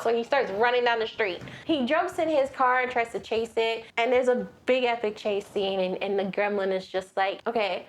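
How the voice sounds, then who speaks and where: A woman hosting a casual movie recap, animated and acting out the characters' voices as she tells the plot. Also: on the high side, normal speed, hardly any pauses. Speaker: podcast host.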